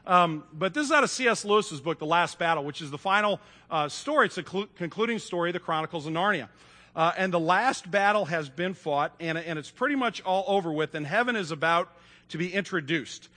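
A man preaching a sermon and reading a story aloud, in a folksy, animated way with frequent fillers. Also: sits high, fairly quick. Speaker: pastor. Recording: long reverb in a large room.

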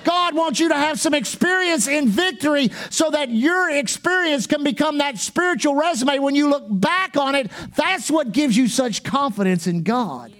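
A male pastor preaching a fervent sermon, driving points home with repetition and bursts of shouting. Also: very high-pitched, expressive, moderate pace, hardly any pauses.

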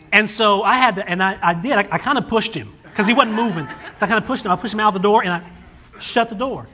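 Husky man telling a family story. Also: high-pitched, fast. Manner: animated, acts out his children's voices in quotes. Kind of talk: casual storytelling.

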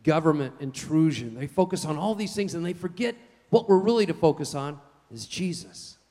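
Man, pastor, sermon, folksy and animated, slightly high pitch, long hall reverb. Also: moderate pace.

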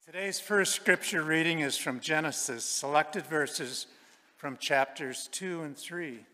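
A man with a fairly high voice reads scripture aloud, measured and deliberate. His words carry a long reverb, as if in a large hall. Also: bright, forceful tone. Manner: measured, deliberate reading with small restarts. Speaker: scripture reader. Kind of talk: formal scripture reading.

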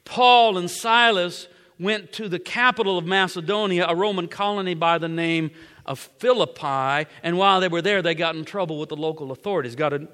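A male preacher tells a story in a high, bright voice. He repeats phrases and drops to a whisper for emphasis. His voice echoes through a large hall. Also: fairly quick, smooth. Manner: dramatic, repeats phrases, swings from whispers to loud. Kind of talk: sermon storytelling.

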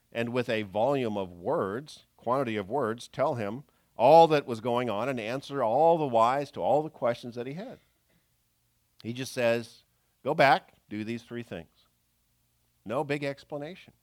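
A man preaching a sermon in a conversational storytelling manner, swinging between loud bursts and hushed asides. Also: fairly high pitch, no room sound, studio quality.

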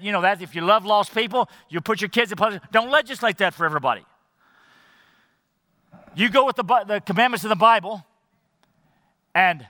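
A man's voice: sits high, bright, forceful tone, dry recording, long reverb tail. A male pastor preaching a sermon emphatically, appealing directly to the congregation.

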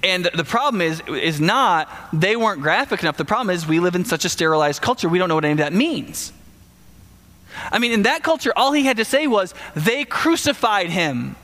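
A man preaching a sermon in a conversational, animated way, speaking directly to the congregation. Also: sits high, fairly quick. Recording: long hall reverb.

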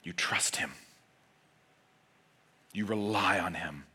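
A man preaching a sermon as pastor, earnest, moving between raised urgent passages and hushed, low emphasis. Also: slow pace, slightly rough.

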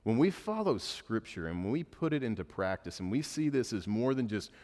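Pastor preaching with hall echo. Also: male voice, lowish voice, very animated, a little fast, a little mellow. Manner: casual, joking storyteller. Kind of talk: sermon. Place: church sanctuary.

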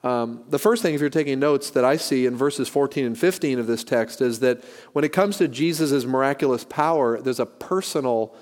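A man's voice: medium pitch, normal speed, hardly any pauses, a little mellow, long reverb tail. A male pastor preaching a sermon, telling jokes and stories in a folksy way with many restarts. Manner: folksy, joking storytelling with frequent restarts.

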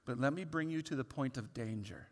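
A man, a pastor, delivering a sermon that moves from quiet reflection to loud, pleading emphasis. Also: medium pitch, a little fast, long reverb tail.

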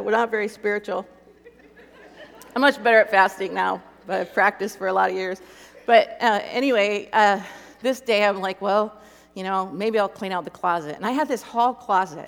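A woman's voice: medium pitch, creaky, fairly bright tone. A middle-aged woman giving a personal testimony talk, telling her story conversationally and acting out her inner speech. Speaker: Christian speaker. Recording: long hall reverb.

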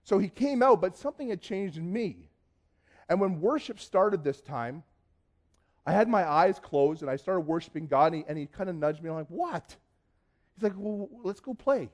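A man from Canada, telling a personal testimony in a lively storytelling way, acting out dialogue and often restarting his sentences. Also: a little high, normal speed. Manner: lively, acts out dialogue, frequent restarts and repeated words. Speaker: speaker giving a personal testimony.

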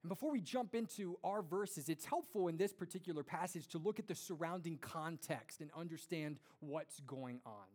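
A young man giving an earnest, conversational sermon to a congregation, with lively storytelling and rhetorical questions. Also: on the high side, normal speed, few pauses. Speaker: pastor.

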